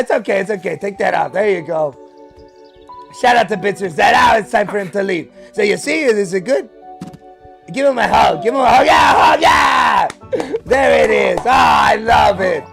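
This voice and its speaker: Excitable man with a high, gravelly voice. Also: normal speed, faint music behind. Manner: excitable, lots of fillers and restarts. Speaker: reaction video host. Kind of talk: casual reaction commentary.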